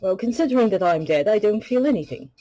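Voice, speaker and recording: A dignified older gentleman spy, as a woman puts him on. His humor is dry and droll, and he speaks with courtly politeness. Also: mid-range voice, animated, fast talker, close to an everyday voice, rough recording.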